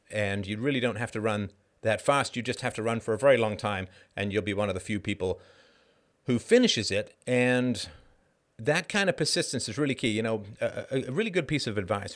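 A man hosting a livestream, talking casually and acting out the people in his stories. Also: lowish voice. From Canada. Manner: animated storytelling, acts out quoted people. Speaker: livestream host. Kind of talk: casual monologue.

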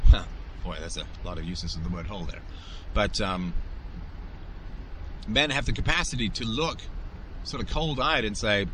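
A man's voice: on the low side, pushed and bright, slight background noise, rough recording. A man hosting his own show, giving an emphatic solo commentary monologue and often tagging his points with a rhetorical "right?". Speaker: podcast host.

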